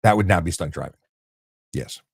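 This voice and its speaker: Low-voiced blunt man answering questions. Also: expressive, normal speed, gravelly, breathy edge, no room sound, studio quality. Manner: blunt, conversational, lots of restarts and fillers. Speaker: host answering viewer questions. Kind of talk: casual live-stream Q&A.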